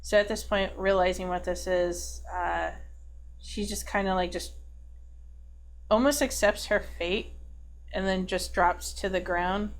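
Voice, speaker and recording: Woman player chatting through her turn, mid pitch, lots of likes and ums. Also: steady tone, measured pace. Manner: casual, chatty, lots of fillers. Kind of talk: casual tabletop play.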